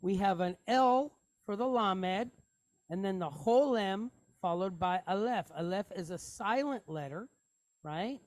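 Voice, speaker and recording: A woman of middle pitch leads a Hebrew reading lesson, sounding out words one syllable at a time. She speaks slowly and patiently and often stops to ask a question before she answers it. Her voice is close to the mic, and the room is dry. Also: a little mellow, dry recording. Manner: patient, step-by-step, asks rhetorical questions. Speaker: Hebrew teacher.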